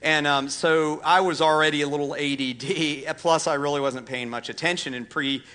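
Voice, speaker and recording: Bright-voiced pastor, casual and self-deprecating. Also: male voice, fairly high pitch, steady tone, normal speed. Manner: casual storytelling, self-deprecating, frequent fillers. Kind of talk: sermon. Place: church auditorium.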